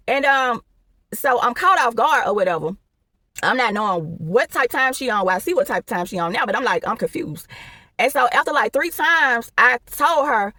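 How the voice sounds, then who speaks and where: A woman's voice: fairly high pitch, fairly quick, pushed and bright, no echo. A young woman tells a casual storytime, rambling along and tossing in "or whatever" asides.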